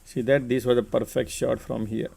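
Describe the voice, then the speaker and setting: A man's voice: medium pitch, little pitch movement, moderate pace, gravelly, mellow, breathy edge. A man hosting a live trading stream, giving casual market commentary and chatting with viewers by name.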